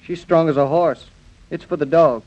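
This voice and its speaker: An actor playing a cheerful young architect husband with a breezy, jovial manner, in an old radio drama. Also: male voice, on the high side, fairly even intonation, moderate pace, close to an everyday voice. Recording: dull lo-fi old radio recording.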